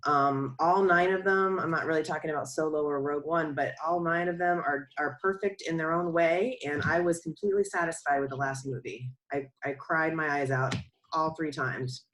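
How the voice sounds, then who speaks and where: Female co-host, lowish voice, emphatic and opinionated. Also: moderate pace, a bit bright, low-quality recording. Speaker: podcast co-host. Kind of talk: casual podcast chat.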